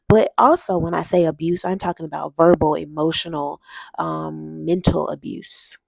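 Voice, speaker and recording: Low, gravelly woman giving blunt advice. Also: normal speed, no room sound. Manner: direct, emphatic, urging; chatty storytelling, addresses viewers as y'all. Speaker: vlogger. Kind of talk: casual advice talk to camera.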